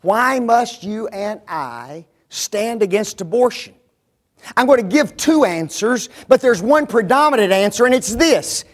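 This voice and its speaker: Man, very high pitch, preacher, sermon, emphatic, rhetorical questions. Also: animated, a little slow.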